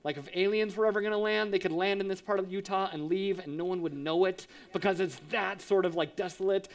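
A man in his thirties, a pastor, telling a lively personal story in a sermon, acting out voices and sound effects. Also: high-pitched, fairly quick. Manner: animated, acts out quotes with sound effects.

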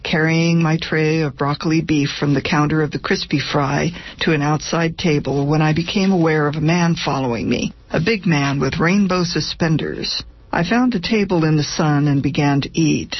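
A woman's voice: low voice, slightly rough, no echo, lo-fi sound. A woman, a guest author, reading an excerpt of her memoir aloud in a dry, wry storytelling manner.

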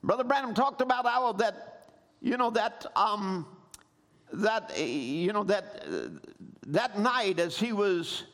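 High-voiced preacher. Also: male voice, sing-song, takes it slowly. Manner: preaching with rising shouts and call-and-response amens. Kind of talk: sermon.

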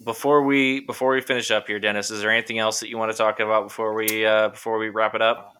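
A man's voice: on the low side, level tone, quick pace, sharp tone, clean tone. A man co-hosting a podcast, wry and chatty, often stumbling over repeated words. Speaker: podcast co-host. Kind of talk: casual podcast chat.

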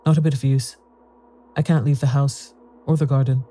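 A man's voice: mid-range voice, level tone, moderate pace, warm tone, husky, natural voice. A man voicing an eccentric, peevish old woman who lives alone in a cold manor, speaking mournfully.

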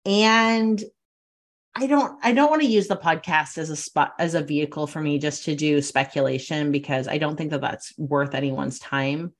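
A woman's voice: sits low, normal speed. A woman co-hosting a casual podcast chat, talkative and thoughtful, with many "like" fillers. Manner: chatty, frequent filler "like", thoughtful. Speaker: podcast co-host.

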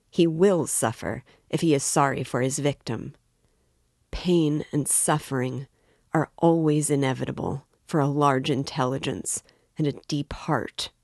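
A woman reading aloud, voicing a calm, brooding young man who answers in a measured way. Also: low voice, no room sound, clean studio sound.

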